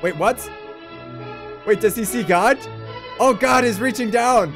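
A man's voice: very high-pitched, measured pace, music in the background. A man hosting a gaming video, giving casual let's-play commentary and exclaiming in surprise. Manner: excitable, laughs often, exclaims in surprise.

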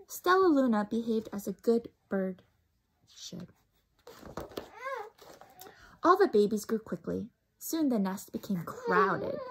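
A woman teacher reading a picture book aloud to a child, with slow, expressive storytelling and hushed asides. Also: medium pitch, vocal fry, slightly rough, low-quality recording.

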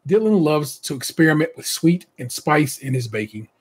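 Husky-voiced man hosting a podcast. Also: on the high side, animated, normal speed. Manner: reads contestant bios with chatty asides and laughs. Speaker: podcast host. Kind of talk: casual podcast chat.

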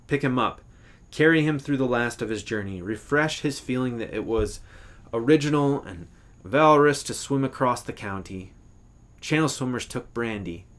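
Measured male reader of a literary story. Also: medium pitch. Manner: measured, expressive, occasional self-corrections. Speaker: English professor reading a story. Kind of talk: literary short story reading.

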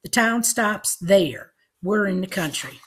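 A woman's voice: on the low side, fairly quick, lightly acted. A woman reading an audiobook, voicing a tough, blunt old country grandmother with a dry, unbothered wit.

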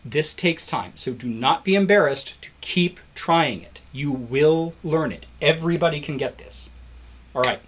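Speaking a little slowly in a fairly high voice, a man gives a recorded biology lecture that proceeds step by step. He encourages his students and brings in animated examples, acting out a cheering crowd doing the wave.

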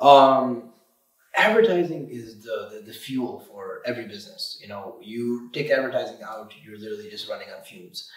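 A man who runs an auto repair shop talks about his business on a podcast interview. He speaks emphatically and with animation, often saying "you know" and "literally". He is heard from a distant mic in a room with a lot of echo. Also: medium pitch. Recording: roomy sound from a distant mic.

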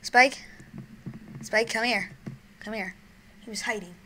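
A young woman giving gameplay commentary on her own channel, excitable, shrieking and giggling, then dropping to mumbled whispers. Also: a little high, slow, a little hiss or hum, low-quality recording. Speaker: gaming YouTuber.

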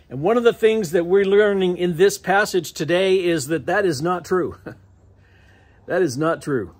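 A man with an American accent preaching a sermon as pastor, conversational and often chuckling between phrases. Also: sits high. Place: church sanctuary.

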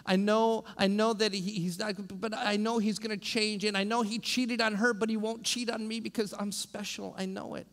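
A man's voice: sits high, creaky, a bit bright, voice pushed up. A man voicing a smitten young woman who insists on excusing her bad boyfriend, in a breathless, self-assuring way.

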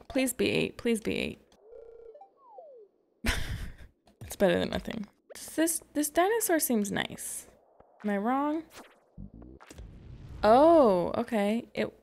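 A woman's voice: mid-range voice, gravelly. A woman giving casual let's-play commentary, chatty and self-deprecating, with frequent exclamations. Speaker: gaming YouTuber. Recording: faint background game music.

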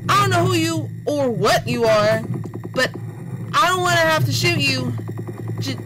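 Woman voicing a tense, high-voiced female deputy, game music underneath. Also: natural voice, low-quality recording. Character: determined female sheriff's deputy. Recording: game music playing behind.

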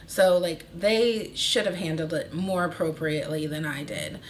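Animated woman in her thirties, casual storytime vlog, slightly low voice, faint room noise. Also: moderate pace. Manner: animated, acts out quoted voices. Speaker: vlogger.

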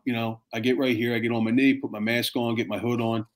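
A fire captain in his fifties telling stories in a casual, animated way, swearing freely and acting out the people in them. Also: medium pitch, quick pace, few pauses. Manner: animated, profane, acts out voices in his stories. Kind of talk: casual storytelling chat.

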